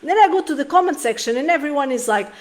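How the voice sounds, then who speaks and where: A woman's voice: sits high, animated, very fast. A woman in her thirties giving an earnest, emotional talk on parenting straight to the camera, often restarting her sentences. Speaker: parenting vlogger.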